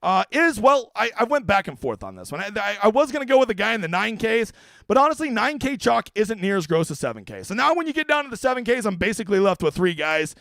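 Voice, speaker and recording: A brash, joking man hosting a casual streamed picks show, tossing in profanity as he rattles through names at a breakneck pace. His voice sits high for a man. The sound is close and dry, with no echo around it. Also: big pitch swings, quick pace, creaky, a bit bright. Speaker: fantasy golf analyst host.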